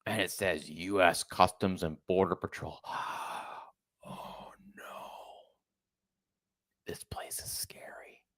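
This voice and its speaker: A man's voice: low-pitched, fairly even intonation, normal speed, hardly any pauses, voice pushed down. A man mocking a timid, frightened traveler. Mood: mock fright. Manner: mocking, gasping, breathy hushed whispers.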